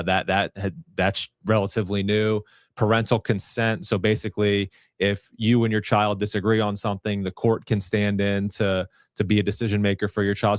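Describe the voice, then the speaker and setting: A man's voice: lowish voice, no echo, clean studio sound. A man from Virginia hosting a podcast interview in a casual, chatty way, laughing often and restarting his sentences. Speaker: podcast host.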